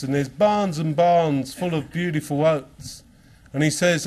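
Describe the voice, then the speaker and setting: A man's voice: fairly high pitch, moderate pace. A man from England addresses a conference crowd. He tells a story about a farmer and two priests, then moves into earnest, preaching-style encouragement. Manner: storytelling with quoted voices. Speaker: Christian speaker. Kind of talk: conference talk.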